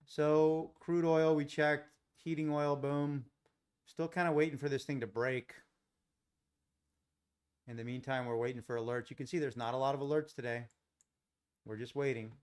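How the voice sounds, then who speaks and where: A middle-aged American man from Los Angeles runs a live trading stream in a casual, rambling way. He thinks out loud and answers viewers in the chat, recorded on a desk mic in a home office. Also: mid-range voice, steady tone, normal speed, pauses often, clean tone. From Los Angeles, USA. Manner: chatty, thinks aloud, talks to chat viewers.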